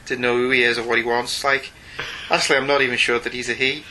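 A man voicing a world-weary male occult detective in a Scouse accent, reading in a low, muttering deadpan. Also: fast, slight background noise, rough recording.

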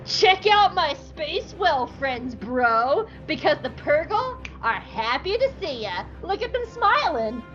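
A woman's voice: high-pitched, big pitch swings, takes it slowly, hardly any pauses, a bit bright, highs cut off, soft background music, voice pushed up, exaggerated voice. A woman voicing a cocky young male rebel hero, gloating in a bro-ish way.

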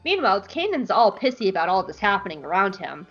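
Woman podcast host, casual recap, playful, giggly, animated, slightly muffled. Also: medium pitch, quick pace, soft background music.

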